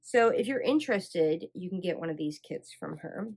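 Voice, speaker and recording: A woman's voice: on the low side, lively intonation, normal speed, a little mellow, breathy edge. A woman yarn dyer from Michigan hosting her own channel, chatting casually and eagerly as she shows off items, with frequent ums and likes. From Michigan, USA. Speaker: yarn dyer and podcast host. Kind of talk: casual show-and-tell chat.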